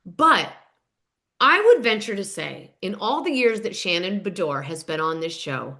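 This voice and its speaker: A woman hosting a podcast, recapping reality TV in an animated, emphatic and sarcastic way. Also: mid-range voice, a little slow. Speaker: podcast host.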